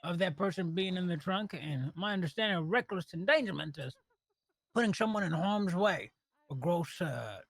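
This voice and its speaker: Brief: man playing a cop, high and gravelly voice, halting report, dry close sound. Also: lively intonation, fairly bright tone, no echo. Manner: hesitant, full of "uh", matter-of-fact. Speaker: police officer roleplayer. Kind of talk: in-character police report.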